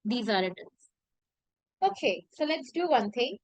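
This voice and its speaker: A woman teaching a language class, repeating phrases slowly and asking the class rhetorical questions. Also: a little high, sing-song, no echo, low-quality recording. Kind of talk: classroom lesson.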